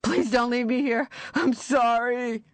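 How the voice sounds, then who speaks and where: A narrator voicing a terrified man trapped underground, with a raw, croaking voice, begging and apologizing. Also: very high voice, fairly even intonation, takes it slowly, dark tone, dry recording, voice pushed up, exaggerated voice. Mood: panicked pleading. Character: terrified man buried alive, pleading. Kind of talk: audiobook character reading.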